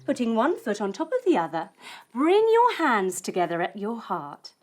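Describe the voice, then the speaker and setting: A woman telling a yoga story for children in an animated, sing-song and encouraging way. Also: on the high side, normal speed. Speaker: kids yoga instructor and storyteller.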